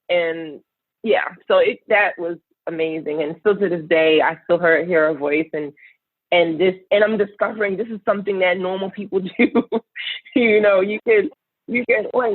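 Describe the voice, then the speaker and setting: A woman's voice: medium pitch, dry recording. Woman, podcast guest, earnest, reflective, phone-like sound, dry. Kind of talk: casual interview talk. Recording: tinny phone-like line.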